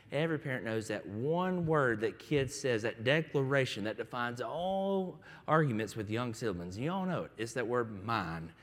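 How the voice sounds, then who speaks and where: A man preaching a sermon as a pastor, telling stories in a conversational way and acting out the voices of the people in them. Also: medium pitch. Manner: conversational storytelling with quoted voices. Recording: long hall reverb.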